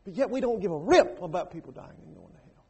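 A man preaches a sermon. He drops to hushed, low lines, then breaks into loud, raised bursts, repeating words and firing questions at the congregation. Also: big pitch swings, fast, creaky, husky.

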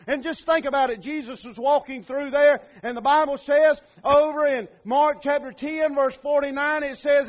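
A man preaching a sermon, swelling loud on key lines and then dropping low. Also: fairly even intonation, moderate pace, hardly any pauses.

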